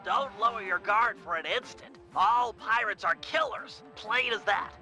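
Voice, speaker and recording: A man's voice: sits high, unhurried, sharp tone, exaggerated voice. A man voicing a nerdy, cautious male turtle sidekick in a video game, fussy and instructive. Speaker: game character. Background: game music.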